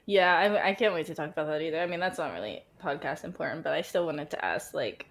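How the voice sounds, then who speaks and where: A woman's voice: low-pitched, expressive, quick pace. A woman in her twenties co-hosting a podcast, chatting candidly and rambling, with casual swearing. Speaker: podcast co-host. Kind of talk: casual chat. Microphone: remote call.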